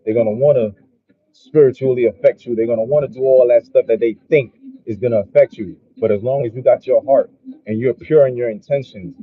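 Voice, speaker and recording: A man's voice: medium pitch, fairly quick, phone-quality sound. A man giving a profane, repetitive motivational monologue in a casual vlog. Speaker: motivational vlogger.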